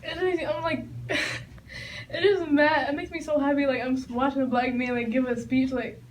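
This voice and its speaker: A woman student in a classroom, crying as she speaks, halting and filling her words with "like". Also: high-pitched, steady tone, slight background noise. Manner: halting, fills with "like". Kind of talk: emotional audience response.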